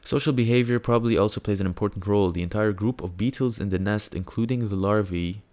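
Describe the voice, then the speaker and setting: Low-voiced guy rambling thru science news on his podcast, lots of ums, squeaks when he gets excited. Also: quick pace. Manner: rambling and hesitant, lots of fillers, sudden high squeals of delight. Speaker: podcast host.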